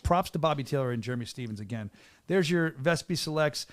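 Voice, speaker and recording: A man hosting a casual podcast from a small studio, talking with an excitable hype-man energy. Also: on the high side, fast, slight background noise. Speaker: podcast host and venue announcer.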